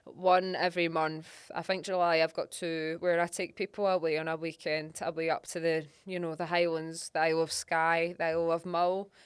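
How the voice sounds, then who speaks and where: Chatty Scottish woman, smooth dry voice. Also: deep voice, normal speed, few pauses, dry recording. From Scotland. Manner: chatty, animated storytelling, often laughing. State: pregnant. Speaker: podcast host and geologist. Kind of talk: casual podcast chat.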